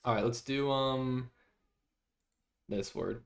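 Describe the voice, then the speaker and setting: A man's voice: mid-range voice, fairly even intonation, slow, gravelly. A young man streaming live, chatting casually with viewers, reading their messages aloud and laughing often.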